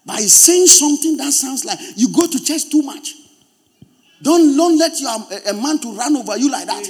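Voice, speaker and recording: A man with a Ghanaian accent preaches a lively sermon. His voice sits very high and has a husky edge, and his pitch swings widely as he speaks straight to his listeners. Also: normal speed. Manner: animated preaching, addressing the congregation directly. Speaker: pastor.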